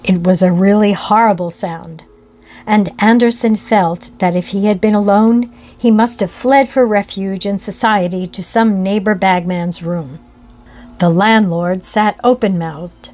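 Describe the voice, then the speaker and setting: A woman narrating a classic ghost story in a slow, measured reading voice. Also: mid-range voice, steady tone, a little mellow.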